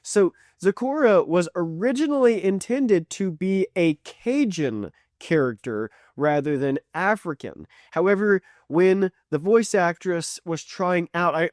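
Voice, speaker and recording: A man's voice: high-pitched, darkish tone, no room sound, studio quality. A man reviewing a cartoon series in a rambling, chatty way. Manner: rambling, chatty, with fillers and restarts. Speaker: video reviewer. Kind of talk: casual retrospective review.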